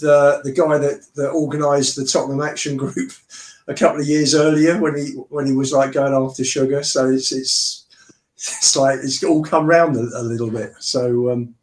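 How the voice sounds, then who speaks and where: A man's voice: medium pitch, a little mellow, reverberant. A man guesting on a fan show, reminiscing and stumbling over his words. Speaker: guest who arranged the show. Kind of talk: casual fan chat.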